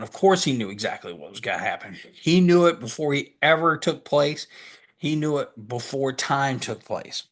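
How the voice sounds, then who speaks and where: A man's voice: mid-range voice, expressive, normal speed. A man preaching a sermon, reading scripture aloud and stopping to explain it, posing questions and answering them himself. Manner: earnest, reads scripture aloud and stops to explain it. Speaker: pastor.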